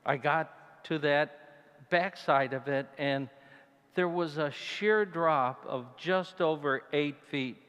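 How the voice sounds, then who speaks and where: A male deacon tells his story slowly, from the pulpit of a church with a long, ringing reverb. His voice sits in a middle range but leaps way up when he recalls moments of fear, then sinks low and hushed. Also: clear, resonant tone. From Italian heritage. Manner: storytelling, animated, voice jumps high when retelling fear. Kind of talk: mission talk, personal story.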